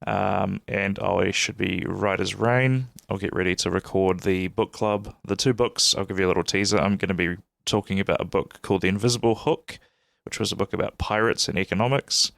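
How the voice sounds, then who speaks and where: A man, stuffy from a cold, hosting a podcast in a relaxed, rambling way. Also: low-pitched, moderate pace, vocal fry, no room sound. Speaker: podcast host. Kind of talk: casual solo intro.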